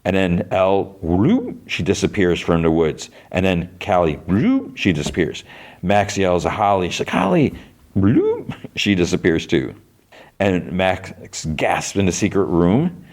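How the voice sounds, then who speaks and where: Host, male, deep voice; casual scene recap with quick voice shifts for quoted lines and sarcastic asides. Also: lively intonation. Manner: quotes characters with loose voice shifts, many fillers like "like"; sarcastic asides about characters. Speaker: podcast host recapping a series.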